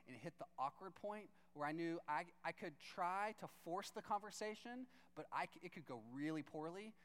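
A man tells a long, animated story from the pulpit, slipping into each person's voice as he quotes them. His voice sits high for a man and comes across smooth and clean. He talks loosely, with "like" in nearly every line. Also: brisk, few pauses. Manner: animated, acts out both sides of conversations; chatty, leans on "like" as filler. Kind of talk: storytelling sermon.

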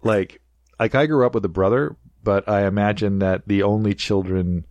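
A man's voice: fairly low pitch, moderate pace, a little mellow, no echo. A man hosting a casual film-discussion podcast, talking with enthusiasm, laughing often and acting out quoted lines. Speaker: podcast host.

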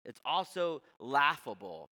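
A man's voice: mid-range voice, sing-song, slow pace, sharp tone. A male pastor preaching a sermon in a conversational, emphatic way, explaining things to his listeners. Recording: long hall reverb.

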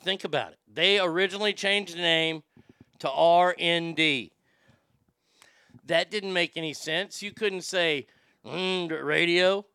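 A man's voice: fairly high pitch, unhurried, sharp tone, clear, resonant tone, dry recording, studio quality. A man with a Southern accent hosting a casual talk show, rambling, joking and swearing. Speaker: radio show host.

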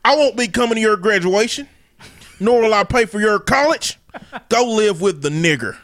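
A man voicing a furious, hateful racist country father yelling over text messages. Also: high voice, lively intonation, normal speed, voice pushed up. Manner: loud, spitting, hateful. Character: racist country white father, middle-aged, furious and cruel.

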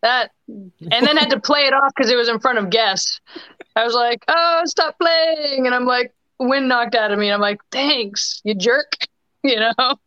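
A young woman chats as a podcast guest in a bright, crisp voice, telling stories in quick bursts full of restarts and fillers. Her sound is dry and a little dull, like lo-fi remote call audio. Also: a little high, dry recording. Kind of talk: casual storytelling chat.

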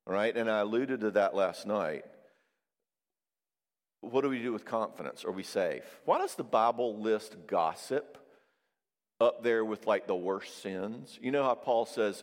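A man's voice: fairly low pitch, lively intonation, measured pace, big-room sound. A man preaching in a loose, conversational way, acting out the quoted voices of people he describes. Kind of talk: sermon.

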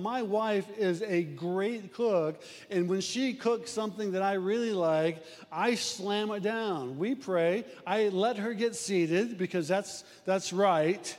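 High-voiced older man preaching a sermon. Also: unhurried, few pauses, a little mellow, in a large hall. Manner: folksy, storytelling, repeats words. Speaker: pastor.

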